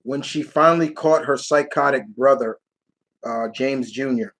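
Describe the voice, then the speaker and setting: A man's voice: mid-range voice, measured pace, a bit bright, low-quality recording. A man hosting a live Q&A stream, answering viewer questions in a rambling, casual way and laughing as he retells movie scenes.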